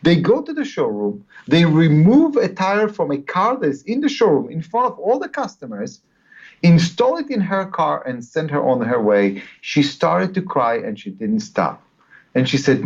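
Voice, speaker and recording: A man, a guest author, answering interview questions with animated storytelling, often repeating words as he builds a point. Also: fairly high pitch, normal speed. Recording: dull lo-fi audio.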